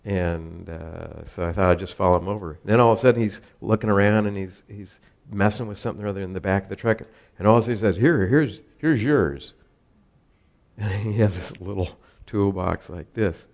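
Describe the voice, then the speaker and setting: A man's voice: low voice, fairly even intonation, brisk, creaky. A man, telling a rambling personal story in a casual way, often chuckling. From Southern California. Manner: rambling, chuckles often, many fillers and restarts.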